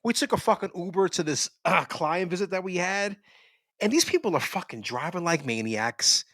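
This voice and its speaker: A man co-hosting a podcast speaks in a high voice at moderate pace, recorded without echo. It's casual chat, and he's an animated storyteller whose rambling yarns are thick with swearing.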